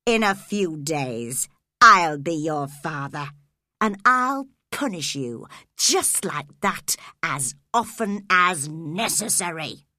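A woman reading aloud and voicing a cruel, scheming man in a low, quiet, controlled voice. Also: expressive, slow pace, dry recording, clean studio sound, heavily acted. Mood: cold, menacing.

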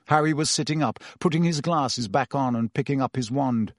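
A man reading a novel aloud as an audiobook, with steady, expressive storytelling. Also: mid-range voice, moderate pace, no room sound, studio quality. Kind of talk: audiobook narration.

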